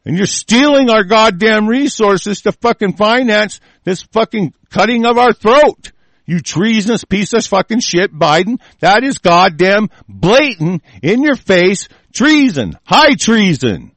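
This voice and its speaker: A man's voice: high-pitched, big pitch swings, a little slow, fairly bright tone, no echo. A man in a furious, profanity-laden solo rant, commenting on the news. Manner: furious, heavily profane ranting. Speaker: political commentator.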